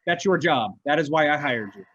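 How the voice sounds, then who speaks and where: A man's voice: on the high side, lively intonation, fairly quick, a bit bright, slightly rough, no room sound, lo-fi sound. A man voicing a frantic woman in charge who pleads with someone to help evacuate people, in an insistent way. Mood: pleading.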